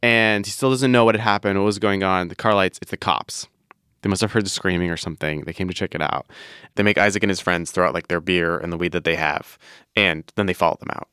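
Smooth low-voiced man telling a tale. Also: fast, no room sound, clean studio sound. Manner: relaxed, chatty, laughs often. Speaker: podcast host. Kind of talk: casual storytelling chat.

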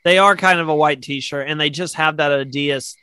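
A man with a fairly high voice chats casually as a podcast co-host. He is easygoing, laughs often and restarts his sentences. The sound is close and dry, with no room around it. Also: fairly quick, sharp tone, smooth, no echo. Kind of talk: casual chat.

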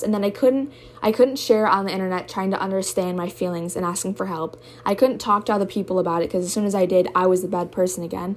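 A woman's voice: medium pitch, steady tone, fast talker, few pauses. A young woman speaks in a candid personal monologue for her podcast. She is emotional and open and curses freely as she works through her feelings. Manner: emotional, candid, swears often. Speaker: podcast host.

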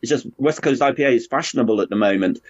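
A man, a brewer and pub owner, chatting frankly and rambling in a relaxed conversation. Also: medium pitch, rapid-fire, no echo. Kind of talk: casual conversation. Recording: dull lo-fi sound, dry.

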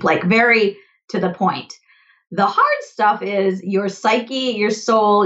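A woman's voice: mid-range voice, muffled recording. A young adult woman, a podcast guest, talking casually and animatedly, often laughing and acting out her own inner voice. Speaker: podcast guest, author and grief coach. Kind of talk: casual conversational interview.

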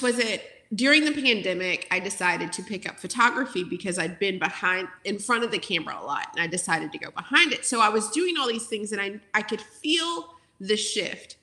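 A woman's voice: medium pitch, bright, forceful tone, roomy sound. A woman in her forties, a former teacher, talking in an interview in an outspoken, emotional way with many fillers. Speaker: guest, former teacher turned content creator.

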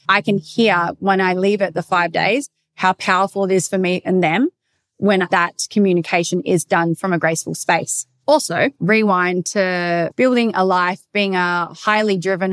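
A woman's voice: medium pitch, dry recording. Direct, emphatic woman coach. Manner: direct, emphatic, swears casually. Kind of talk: solo podcast monologue.

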